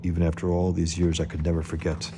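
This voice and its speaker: A man's voice: sits low, completely flat delivery, fast, background noise. A man reading aloud as a grief-stricken male hero who is obsessed and brooding. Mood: obsessive. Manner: intense, brooding.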